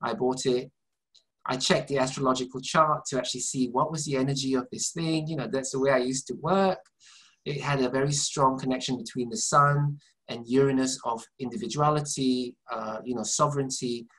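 Male guest, earnest rambling storyteller, mid pitch. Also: a bit bright, slightly rough, rough recording. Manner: earnest, meandering, many restarts. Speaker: interview guest. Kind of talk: conversational storytelling. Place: Southampton, UK.

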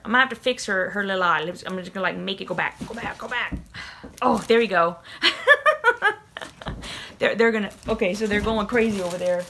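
In this home unboxing vlog, a young woman opens a subscription box while gushing, giggling, and cooing softly to her cats. Her voice sits on the high side, pushed and bright, with slight noise in the background.

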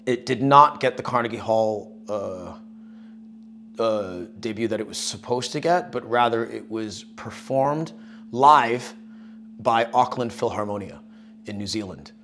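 Musician guy chatting loose in an interview, lots of "like" and "uh", swears a bit, average pitch. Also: fairly bright tone, slight background noise. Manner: rambling, loose and profane, lots of fillers. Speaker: musician guest. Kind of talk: casual interview storytelling.

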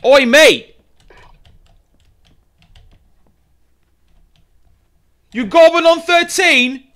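A man putting on an exaggerated British accent, playing a rough bloke hailing strangers over a game radio. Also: a little slow. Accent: put-on British. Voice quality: shouty, high, overdone.

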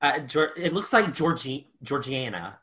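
A man's voice: medium pitch, lively intonation, normal speed, pushed and bright, slight background noise. A man co-hosting a podcast, chatting playfully and laughing a lot. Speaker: podcast co-host. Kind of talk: casual chat.

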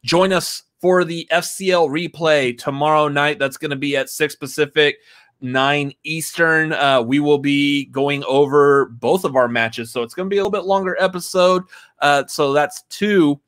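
A man's voice: fairly high pitch, steady tone, normal speed, fairly bright tone. A man hosting a casual movie podcast, rambling and playful and often laughing. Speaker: podcast host. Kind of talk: casual chat.

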